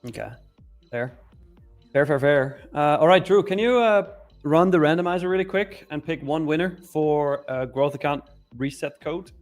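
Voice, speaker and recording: A man's voice: on the high side, normal speed, faint music behind. A man hosting a live trading stream, running a giveaway and reading chat in a playful, laughing manner. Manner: playful, laughs often, reads chat aloud. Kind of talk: casual chat and giveaway announcing.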